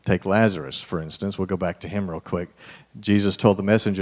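A man with a lowish voice delivers a relaxed, conversational sermon. He speaks straight to his listeners in an informal way and sinks into near-hushed tones to stress key points. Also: fairly quick. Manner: informal, addresses listeners directly, drops to a hushed voice for emphasis. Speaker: preacher.

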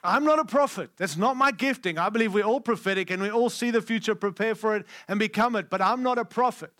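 A man preaching a conference sermon, emphatic and candid, shifting between loud declarations and hushed lines. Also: high voice, fast talker, no echo, studio quality. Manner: candid and conversational.

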